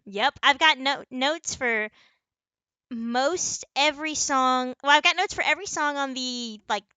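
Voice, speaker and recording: A young woman co-hosting a podcast in casual chat, chatty and quick to laugh. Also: high voice, sharp tone, no room sound. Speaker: podcast co-host.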